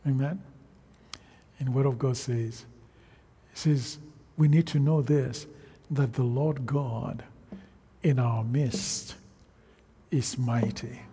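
A man preaching a sermon, slow and emphatic, calling out to the congregation for responses. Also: medium pitch, steady tone, warm tone, slightly rough, long reverb tail.

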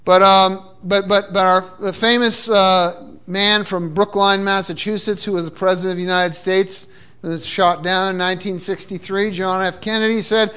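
A man's voice: sits high, flat delivery, normal speed, bright, forceful tone, clean tone. A man preaching a sermon with call-and-response cues and frequent repeated restarts, from New England. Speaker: pastor. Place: church.

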